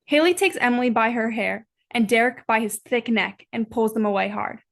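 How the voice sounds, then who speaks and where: A woman from the United States reads a fan fiction aloud for a game. Her voice sits a little high and she tells it briskly and steadily. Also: fairly even intonation, vocal fry. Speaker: games night participant.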